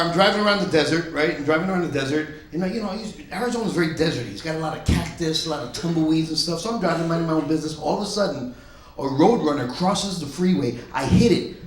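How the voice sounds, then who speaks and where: A male stand-up comedian telling stories in a loud, punchy way on a club stage. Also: a little high. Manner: loud, punchy storytelling, often laughing. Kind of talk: stand-up set. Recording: echoey club room.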